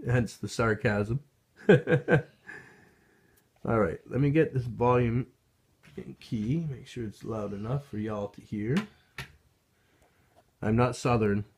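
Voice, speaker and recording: A man's voice: fairly low pitch, darkish tone. A man from Canada commenting casually into his phone, rambling and sarcastic, with many restarts and chuckles. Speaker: vlogger. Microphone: phone held up to a TV.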